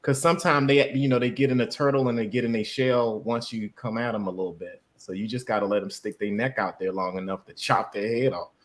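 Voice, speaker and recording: A man co-hosting a live stream, chatting casually with animated, profane banter. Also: lowish voice, fairly quick, hardly any pauses. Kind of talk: casual chat.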